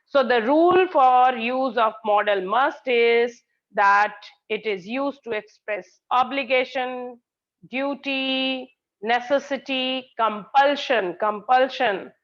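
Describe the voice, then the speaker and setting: A woman teaching grammar over a video call. She speaks slowly and patiently, her voice set a little high, and she praises students and repeats example sentences. The audio is dull and lo-fi. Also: a bit bright. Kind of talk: online English grammar class.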